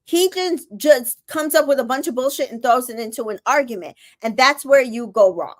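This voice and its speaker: A woman's voice: high-pitched, animated, normal speed. A woman hosting a casual show recap, reading viewer comments aloud and giving sassy, opinionated reactions.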